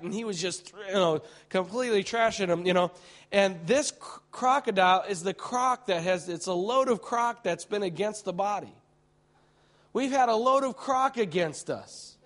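His voice sitting high, a male preacher recounts a vivid vision mid-sermon, excitable and full of restarts. He keeps swinging from hushed tones to shouts.

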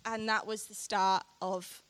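A young adult woman, telling a personal testimony to a church audience in an animated way, often laughing. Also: medium pitch, measured pace. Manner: animated storytelling, frequent laughter, acts out quoted lines. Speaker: speaker sharing a testimony.

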